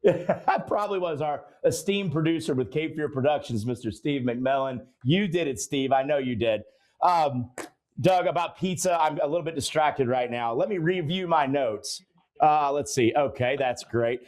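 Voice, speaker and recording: A man co-hosting a casual chat show, animated and chuckling, with playful mock outrage. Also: fairly high pitch, moderate pace. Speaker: podcast co-host.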